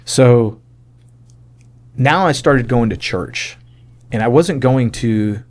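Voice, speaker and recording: A man in his forties, an army sergeant major, telling a personal testimony in a casual, animated way, acting out the dialogue and talking with lots of fillers. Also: medium pitch, takes it slowly. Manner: animated, acts out quoted dialogue; casual, many fillers like "like" and "you know".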